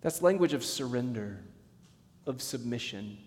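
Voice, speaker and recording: A middle-aged male pastor preaching a sermon, passionate, swinging between emphatic bursts and hushed, slowed lines. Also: medium pitch, lively intonation, big-room sound.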